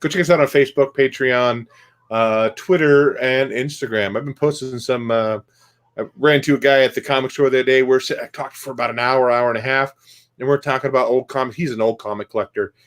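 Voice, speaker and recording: A man's voice: medium pitch, steady tone, a little fast. A man hosting a casual comics podcast, rambling through upbeat plugs with lots of fillers. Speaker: podcast host. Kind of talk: casual chat.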